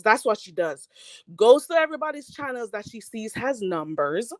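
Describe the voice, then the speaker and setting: A woman's voice: on the high side, animated, normal speed, a little hiss or hum. A woman hosting a commentary channel, ranting in a heated, mocking and profane way. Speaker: YouTube commentary host.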